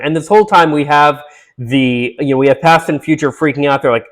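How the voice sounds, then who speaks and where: A man's voice: on the high side, a bit bright. Rambling man recapping a film. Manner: rambling, many fillers and restarts; acts out characters' lines in quick voices. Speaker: movie recap host.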